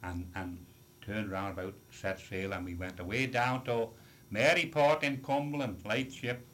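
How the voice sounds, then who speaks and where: A man's voice: on the low side, steady tone, a little slow, fairly bright tone, a little hiss or hum. An older man, a retired sailor telling a long seafaring story in an oral history interview, rambling with many restarts and "you see" asides.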